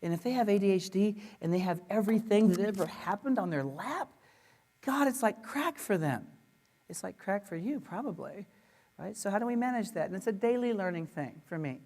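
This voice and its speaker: A man giving a conference talk to teachers, animated, playful and emphatic. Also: high-pitched, a little fast. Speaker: education speaker. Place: conference room. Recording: reverberant conference hall.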